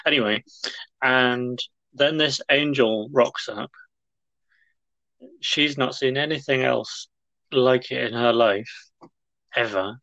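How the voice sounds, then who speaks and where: A man's voice: mid-range voice, takes it slowly, pauses often, sharp tone, no room sound, dull audio. A man co-hosting a podcast in casual chat, telling stories in a laid-back, jokey way. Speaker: podcast co-host.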